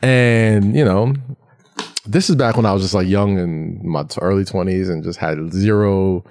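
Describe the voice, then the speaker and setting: A man in his thirties, co-hosting a podcast and telling a story in casual chat. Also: moderate pace. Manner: animated storyteller, jumps into high voices for quotes. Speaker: podcast co-host.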